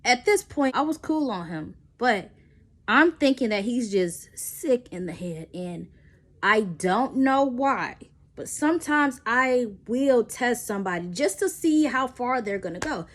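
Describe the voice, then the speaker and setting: A young woman, telling a personal story in a casual storytime and acting out the voices with sudden jumps in pitch. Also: measured pace. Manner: animated, acts out quotes with pitch jumps.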